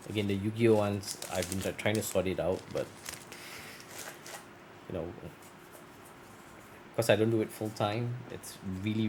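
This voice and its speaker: A man chatting casually while opening card packs, rambling and correcting himself, his voice turning scratchy from long talking. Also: lowish voice. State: voice getting scratchy. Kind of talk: casual unboxing chat.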